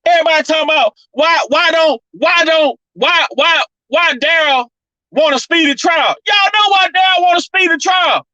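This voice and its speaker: Woman vlogger, high bright voice, dry close sound, profane and fired-up rant. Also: normal speed, no room sound, muffled recording. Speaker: commentary vlogger. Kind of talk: heated opinion rant.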